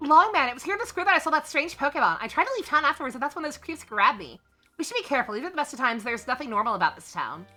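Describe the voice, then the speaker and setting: A woman's voice: high voice, very animated, racing, sharp tone, soft background music, pitched above the performer's own voice, exaggerated voice. A woman voicing a serious, earnest young heroine in a game playthrough. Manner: indignant, then earnest.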